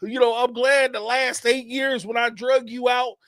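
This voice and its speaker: A man's voice: very high voice, level tone, a bit bright, no echo, studio quality, pitched above the performer's own voice. A man mimicking a rambling, self-justifying middle-aged husband who stammers and trails off. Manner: halting, stammering, laughing.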